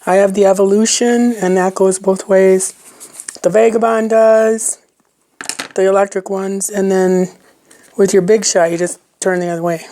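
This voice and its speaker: A woman's voice: medium pitch, steady tone, a little slow, mellow, slight background noise. A woman vlogging as she makes fabric tags, chatting casually and half-whispering to herself while chewing. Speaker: crafting vlogger. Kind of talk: casual crafting chat.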